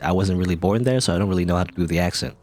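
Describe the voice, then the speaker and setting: A man's voice: deep voice, very fast, a little mellow. A man from Canada casually commenting on a video game he plays, rambling and joking. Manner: chatty, rambling, jokey. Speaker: let's play host.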